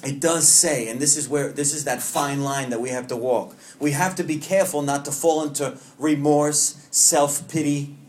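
A man's voice: on the high side, fairly even intonation, moderate pace, few pauses, darkish tone. A man from Long Island, leading a recovery meeting and sharing with the group in an earnest, heartfelt way with self-mocking humor. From Long Island, New York. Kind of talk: personal share to a support group.

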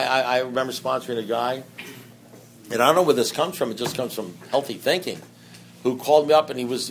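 A man speaking to a recovery meeting in a rambling, conversational way, full of "you know" asides, swinging between loud bursts and quiet low stretches and acting out dialogue. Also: slight background noise. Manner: acts out dialogue in anecdotes. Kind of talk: personal recovery talk to an audience.

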